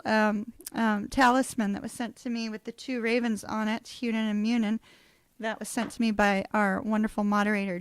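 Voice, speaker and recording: A middle-aged woman with a voice on the high side chats through a live tarot reading, telling stories, laughing often and swearing casually. There's no room sound in the recording.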